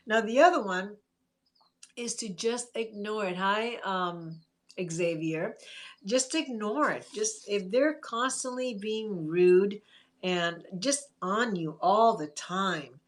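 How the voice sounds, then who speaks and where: A woman's voice: medium pitch, slow. Chatty woman therapist coaching viewers. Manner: chatty and coaching, greets viewers by name and acts out sample replies. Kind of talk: live-streamed advice talk.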